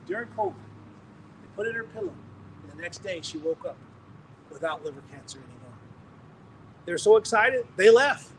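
High-voiced man preaching from a distance. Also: fairly bright tone. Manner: storytelling, acting out quoted voices. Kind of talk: sermon testimony. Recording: distant mic with faint noise.

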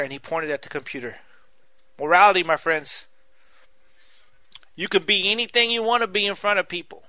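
A man delivers a sermon in a bright, forceful voice that sits a little high. He talks earnestly and circles back on his points, calling the listeners his friends. The sound is dry and close. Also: moderate pace, pauses often, no echo. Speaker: preacher.

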